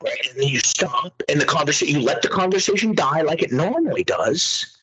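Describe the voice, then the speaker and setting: A man's voice: a little high, animated, a little fast, bright, forceful tone, slightly rough, low-quality recording. A man co-hosting a podcast, talking casually in a profane, ranting way. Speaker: podcast co-host.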